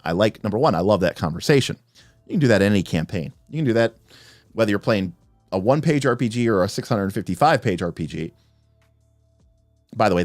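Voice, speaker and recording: A man hosting a livestream, talking about tabletop role-playing games as a game master and acting out players' lines in quick asides. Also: medium pitch, dry recording, studio quality. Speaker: game master and podcast host.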